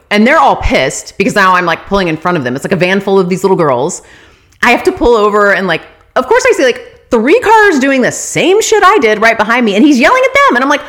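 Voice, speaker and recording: A woman's voice: mid-range voice, very animated, brisk, fairly bright tone. A woman telling her viewers a story in a casual, profane, exasperated rant.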